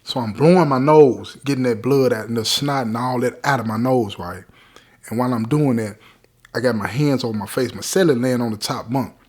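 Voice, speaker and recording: A man's voice: mid-range voice, normal speed, a little mellow, slightly rough. Middle-aged male podcast host, casual streetwise storyteller, keeps checking in with his listeners.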